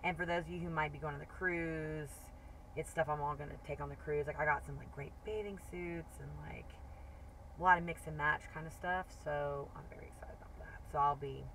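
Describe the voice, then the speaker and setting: A woman's voice: deep voice, fairly even intonation, brisk, fairly bright tone, slight background noise. A woman co-hosting a livestream in casual, chatty talk that is full of "like". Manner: chatty, heavy use of "like". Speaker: livestream co-host. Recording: voice a bit far from the mic.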